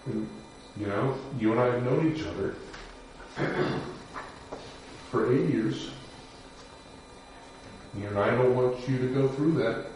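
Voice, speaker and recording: A man, a defense lawyer, telling a personal story in a measured, somber way with pauses and fillers. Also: medium pitch, a little mellow, recorded from a distance, a little hiss or hum. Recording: echoey room picked up from afar.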